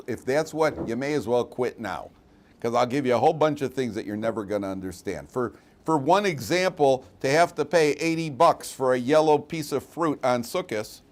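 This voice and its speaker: A man teaching a lively Torah class. He talks in a conversational, humorous way, with frequent restarts. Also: medium pitch.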